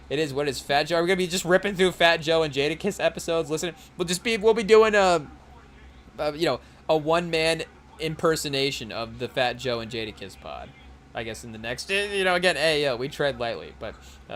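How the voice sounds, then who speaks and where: A young man on his podcast, rambling casually through a live game, stacking fillers and breaking off to try quick celebrity impressions. His voice sits a little high for a man, with faint noise in the background. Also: a bit bright. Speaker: podcast host.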